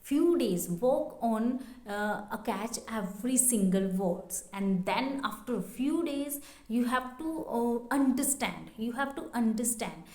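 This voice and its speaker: A woman teaches English in a casual, hesitant way, filling pauses often and repeating herself. Her voice sits a little high and moves slowly. The sound is roomy, with a clear echo. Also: expressive, warm tone. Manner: hesitant, many fillers and repeated phrases. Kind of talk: casual spoken lesson.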